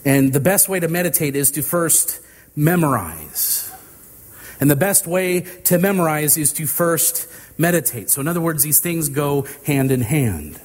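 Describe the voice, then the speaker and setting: A man preaching a sermon, slow and deliberate, with dramatic pauses between phrases. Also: a little high, long reverb tail.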